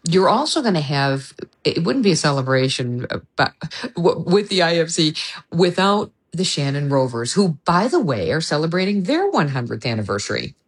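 A woman runs a radio talk interview with a low, dark voice. She talks in a warm, gushing, chatty way and keeps the conversation moving. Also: sing-song, normal speed, breathy edge. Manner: effusive, chatty. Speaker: radio talk show host.

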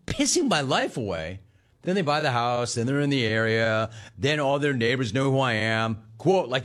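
Animated, fast-talking male sports radio host. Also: medium pitch. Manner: sarcastic, storytelling, impersonates callers and family.

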